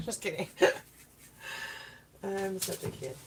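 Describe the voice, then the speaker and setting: A woman's voice: mid-range voice, drawn-out words, pauses often. A woman hosting a casual baking livestream, chatting and rambling to her viewers and her kitten in a home kitchen. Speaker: livestream host. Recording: noisy background.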